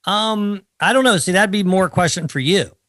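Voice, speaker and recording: A man's voice: sits high, normal speed, no room sound. A man, co-hosting a casual podcast, telling stories with wry teasing. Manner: animated storytelling, wry teasing. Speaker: co-host.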